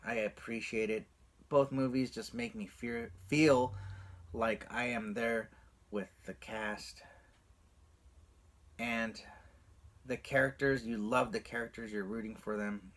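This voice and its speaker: Recalling a film he loved as a kid, a man talks to his camera in a casual vlog, taking his time and pausing often. When he quotes lines, he performs them animatedly, his voice leaping up and down.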